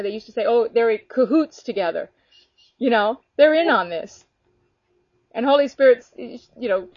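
A woman talking casually about her faith, earnest and animated, filling her talk with "you know.". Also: a little high, dry recording. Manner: animated, earnest, many fillers. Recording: dull lo-fi sound.

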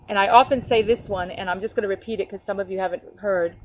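A woman's voice: mid-range voice, fairly even intonation, fast talker, hardly any pauses, darkish tone, slight background noise. Earnest woman preaching over dull online audio. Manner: earnest and conversational, with many restarts and acted-out quotes. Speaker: preacher leading an online ministry group. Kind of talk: informal spoken sermon.

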